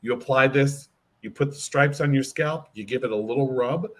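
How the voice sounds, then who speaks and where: A man, a hair care brand educator, explaining and demonstrating a product in an animated interview, acting out bits of client dialogue. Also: medium pitch, normal speed.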